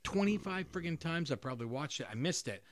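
A man's voice: a little high, lively intonation, fairly quick. A man co-hosting a podcast, telling a rambling story in casual, profane banter and laughing at his own jokes. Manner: rambling, restarts, swears freely, laughs at own stories. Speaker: podcast co-host.

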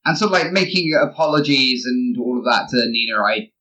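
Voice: medium pitch, expressive, brisk, sharp tone, rough recording. A player in a tabletop game, playfully describing a character's actions. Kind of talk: tabletop role-play chat.

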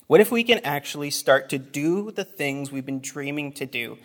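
A man delivers a relaxed, talky sermon to a gathered group, his voice sitting at an ordinary middle pitch. He wanders into side comments, restarts his sentences and chuckles softly as he goes, sounding more like a friend talking than a formal preacher. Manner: conversational, chatty asides, laughs between phrases; frequent fillers and restarts.

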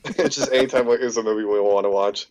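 A man's voice: fairly low pitch, quick pace, darkish tone. A man co-hosting a casual podcast, joking around and filling his talk with "like". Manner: casual, joking, leans on "like" a lot. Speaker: podcast co-host. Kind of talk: casual chat.

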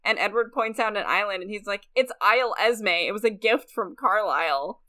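A woman's voice: mid-range voice, bright, forceful tone. A woman co-hosting a podcast, recapping a movie and acting out characters' lines between laughs. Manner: laughing, acts out lines in quick impressions. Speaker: podcast co-host. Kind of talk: casual movie recap chat.

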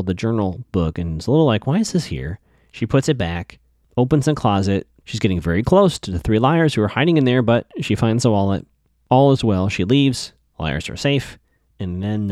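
A man's voice: medium pitch, a little mellow, dry recording, clean studio sound. A man casually recapping a TV episode in a chatty, offhand way with frequent fillers.

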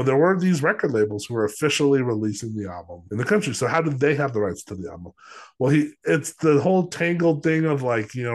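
Picture a man in the middle of a podcast, retelling a story in an easygoing, chatty way. He keeps dropping "like" between thoughts and slips into quick quoted voices. His pitch sits in an ordinary middle range. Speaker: podcast co-host. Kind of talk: casual storytelling chat.

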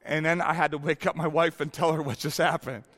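A man in his fifties preaching a sermon, telling a candid personal story that moves from hushed lines to exclaiming ones. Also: on the high side, fairly even intonation, fairly quick, long reverb tail. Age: 50s. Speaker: pastor.

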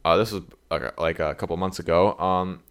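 A man's voice: low-pitched, brisk, clean tone. A young man casually telling a rambling story, swearing a lot and acting out quotes. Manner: rambling, animated retelling with acted-out quotes; swearing, slangy. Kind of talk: casual chat.

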